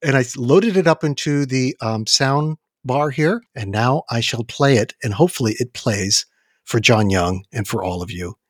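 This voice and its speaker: A man's voice: mid-range voice, expressive, moderate pace, no echo, clean studio sound. A middle-aged man hosting a casual music podcast, playful and jokey. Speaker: podcast host.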